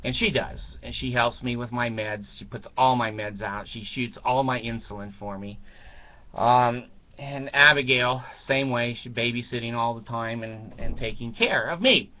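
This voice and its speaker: Older man, bright forceful voice, rambling casual chat, cursing and chuckling, dull lo-fi sound. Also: medium pitch, moderate pace, slight background noise. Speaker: vlogger.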